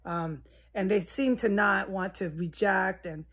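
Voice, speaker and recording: A woman's voice: medium pitch, unhurried, a bit bright, slightly rough. A woman vlogging from her house in a rambling, agitated monologue, swearing often and jumping between topics. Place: at home in a house.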